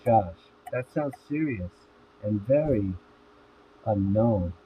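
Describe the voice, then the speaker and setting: A man's voice: lowish voice, lively intonation, slow. A man reading a wry jailed young man. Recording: tinny phone-like audio with faint hiss.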